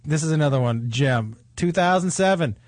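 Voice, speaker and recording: A man co-hosting a radio talk show, bantering loosely and laughing through what he reads out. His voice sits a little high for a man. The studio sound is close and dry. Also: expressive, normal speed, no room sound. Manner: joking, reads quotes aloud with laughs.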